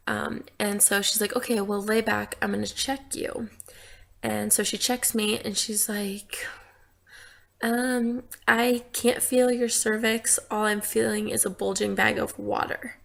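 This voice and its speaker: Chatty young woman with a creaky voice. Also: mid-range voice, fairly even intonation, measured pace. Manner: chatty, lots of "like" fillers. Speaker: vlogger. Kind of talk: casual storytelling.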